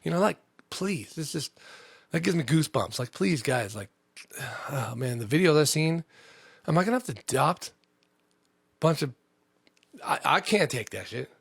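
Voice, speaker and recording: A man's voice: a little high, animated, moderate pace, gravelly, pauses often, breathy edge, dry recording. A man hosting a comedy podcast alone, rambling, profane and jokey. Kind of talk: rambling solo podcast chat.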